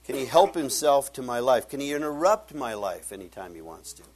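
A man preaching a sermon, reading scripture with loud emphatic rises and dropping to quiet asides for personal stories. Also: mid-range voice, big pitch swings, fairly quick. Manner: tells personal stories with laughter. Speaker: pastor.

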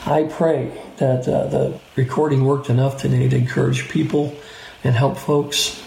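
A man leading an informal Bible study, reading scripture and explaining it in a relaxed, conversational way with fillers and restarts. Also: mid-range voice, moderate pace, gravelly. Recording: roomy echo, faint room noise, poor broadcast.

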